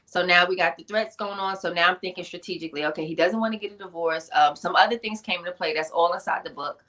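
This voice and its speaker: A woman guest on a podcast, an author and speaker, telling her life story in an emphatic, animated, conversational way with slang asides. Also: lowish voice, quick pace. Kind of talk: personal storytelling in a podcast interview.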